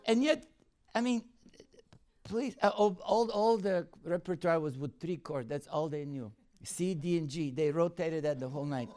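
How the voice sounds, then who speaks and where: A man with a somewhat high voice tells a story from the pulpit in lively. He laughs often, jumps up in pitch when he gets worked up, and settles lower as he draws the lesson. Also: moderate pace. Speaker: preacher telling a personal story. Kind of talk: anecdotal sermon.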